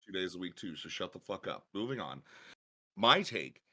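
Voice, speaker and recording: A man's voice: sits low, big pitch swings, normal speed, pushed and bright, slightly rough. A man on a debate panel, blunt and profane, full of slang, pushing back hard on the other side.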